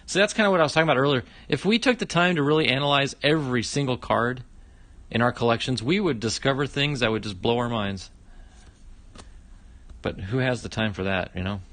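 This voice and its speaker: Chatty, excitable man opening fan mail. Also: medium pitch, a little fast. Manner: enthusiastic, chatty, exclaims often. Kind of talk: casual livestream chat.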